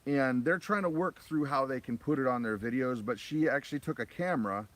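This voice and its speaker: A man's voice: mid-range voice, a little fast. A man co-hosting a casual family live stream, chatting with viewers in a jokey, upbeat way. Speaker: livestream co-host. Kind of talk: casual livestream chat. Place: outdoors by a lake.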